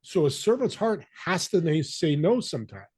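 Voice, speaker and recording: Older guy with a husky, kinda high voice, chatty storyteller on a podcast. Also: moderate pace. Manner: energetic storyteller, acts out quoted voices. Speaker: podcast guest. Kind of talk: conversational interview.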